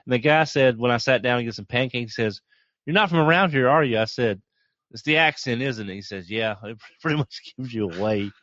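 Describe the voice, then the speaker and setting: Male podcaster, hesitant and halting, dry dull audio. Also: medium pitch, fairly bright tone, no room sound. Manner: hesitant, full of fillers. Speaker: podcast panelist. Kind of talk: casual anecdote chat.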